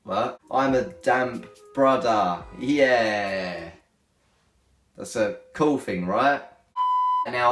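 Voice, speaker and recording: A young man, joking and bantering as he reacts to hate comments in a casual comedy vlog. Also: medium pitch. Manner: cheeky, joking, slangy banter. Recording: echoey room with faint music.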